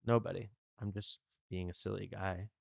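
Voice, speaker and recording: A man with a low, gravelly voice chats loosely while he plays on stream, rambling from thought to thought with plenty of fillers. He sits close to a dry, slightly dull mic. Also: steady tone, moderate pace, dry recording. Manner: rambling, playful, filler-heavy. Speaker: streamer playing a mobile game. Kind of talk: casual livestream chat.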